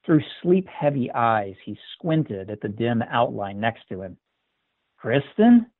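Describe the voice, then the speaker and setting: A man narrating a scripted story in a measured, even manner. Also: medium pitch, dry recording. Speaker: story reader. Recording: tinny dry phone-like sound.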